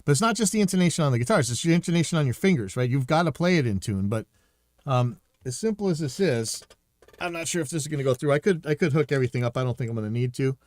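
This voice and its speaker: A man's voice: mid-range voice, lively intonation, fast talker, darkish tone, dry recording. Opinionated man with a dry close sound. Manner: rambling, opinionated, restarts often. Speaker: podcast host reacting to a video. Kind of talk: casual live-stream commentary.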